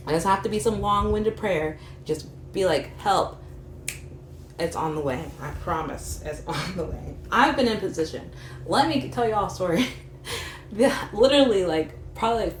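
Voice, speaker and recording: Young woman tarot reader, low-pitched, casual and rambling, recorded in an echoey room. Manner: chatty, frequent "like" fillers, laughs while talking. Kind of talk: casual tarot reading monologue. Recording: echoey room with faint hum.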